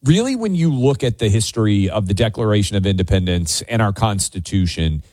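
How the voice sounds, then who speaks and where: A man's voice: on the low side, animated, a little mellow, no room sound. A man co-hosts a talk radio show, chatty and enthusiastic in casual political talk. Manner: chatty, fast-talking, enthusiastic.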